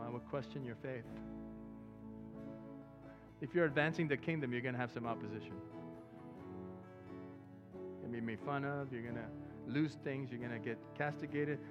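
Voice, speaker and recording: A man preaching a sermon as pastor, talking to the congregation in a relaxed way and breaking into loud excited bursts. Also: medium pitch, fairly quick, pauses often, lo-fi sound, over music.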